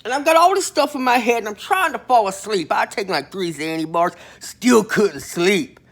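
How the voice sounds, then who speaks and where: A man's voice: high-pitched, lively intonation, normal speed, a bit bright. A man hosting his own channel, telling a rambling comic story in a boastful, slangy way and acting out the people he quotes. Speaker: channel host telling prison stories.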